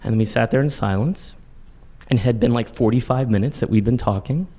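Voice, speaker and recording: A man from Texas telling a personal story on stage, animated and self-deprecating, his voice leaping high when he acts out his own panic. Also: fairly quick. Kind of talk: live personal storytelling monologue.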